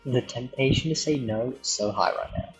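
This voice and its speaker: A man chatting casually as a YouTuber, excitable, laughing often and swearing. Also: mid-range voice, moderate pace, soft background music, low-quality recording. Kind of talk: casual commentary on chatbot chats.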